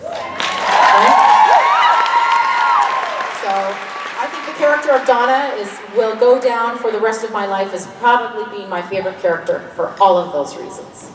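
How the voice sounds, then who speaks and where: A Canadian woman in her thirties, an actor answering fan questions on a convention panel in a lively, joking, candid way. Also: fairly high pitch, brisk, a crowd in the background, background noise. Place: large convention hall. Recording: echoey hall recording from far off.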